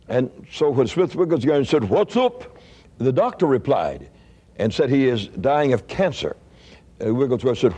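Older male preacher, storytelling sermon, lively pitch, warm husky tone. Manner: folksy storytelling with frequent restarts.

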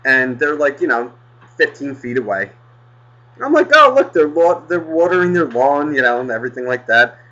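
Animated, foul-mouthed man ranting. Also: mid-range voice, normal speed, muffled recording. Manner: animated, swears constantly, rambling. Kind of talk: casual profane storytelling.

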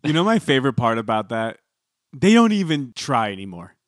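A man's voice: medium pitch, very animated, fairly quick, no room sound, clean studio sound. A man co-hosting a casual podcast chat about reality TV, making wry, cynical remarks. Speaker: podcast co-host.

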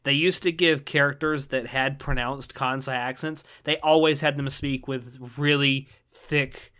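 A man chatting casually as a podcast co-host, his voice bright and forward. He rambles along, filling pauses with ums and starting sentences over. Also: medium pitch, fairly even intonation, clear, resonant tone. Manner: rambling, lots of ums and restarts. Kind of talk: casual chat.

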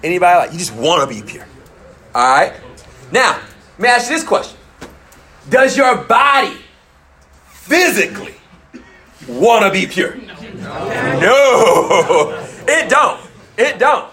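High-voiced man joking with a crowd. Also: slow pace, pauses often. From Memphis. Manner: candid, joking, lively slang. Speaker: youth speaker. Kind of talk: frank talk to a live group. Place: room with a live audience.

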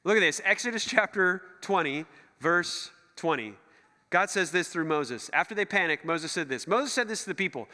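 Male pastor, middle-aged, sermon, animated, jokey, acts out voices, bouncy pitch, reverberant church hall. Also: normal speed.

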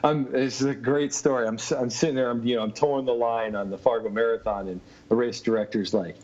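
A man's voice: medium pitch, steady tone, brisk, a little mellow. A man tells a long personal story in an easy, rambling way. He laughs often and fills his talk with ums and you-knows. The recording sounds muffled and lo-fi. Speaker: interview guest. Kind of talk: casual storytelling.

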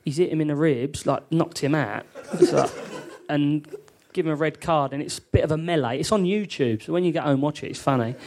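A man tells animated stories, laughing often as he talks. His voice sits a little high for a man. He is a former footballer, recorded live on a theatre stage. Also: brisk, hardly any pauses. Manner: laughing, animated anecdote telling. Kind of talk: live podcast storytelling. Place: theatre studio with audience.

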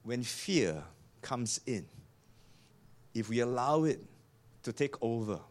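Man, pastor, sermon, animated pitch, emphatic. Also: slow. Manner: animated, emphatic, repeats key lines.

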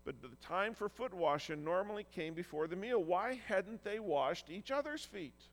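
A man's voice: sits high, lively intonation, normal speed, in a large hall. A man preaching a sermon as pastor, earnest and emphatic, acting out quoted lines with feeling.

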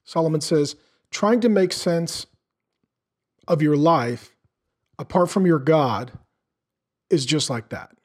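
A man's voice: a little high, slow, long pauses. A middle-aged man preaching a sermon in an earnest, conversational way, asking the listeners questions. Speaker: pastor.

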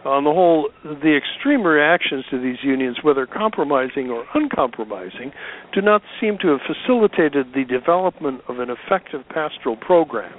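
A man's voice: a little high, expressive, normal speed. A man in a talk show discussion who reads passages and explains them with sardonic asides. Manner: sardonic, chuckles while reading. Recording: phone-like line with faint background noise.

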